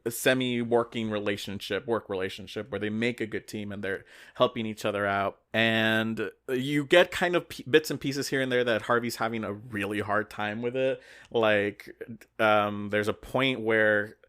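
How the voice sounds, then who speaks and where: A man's voice: lowish voice, moderate pace, fairly bright tone. A man co-hosting a podcast in casual chat, retelling a story in a rambling way with lots of "like" and "uh". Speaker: podcast co-host.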